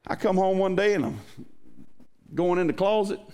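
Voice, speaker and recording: A man preaching a sermon to his congregation in a folksy, animated way. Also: high voice, moderate pace, smooth. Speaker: pastor.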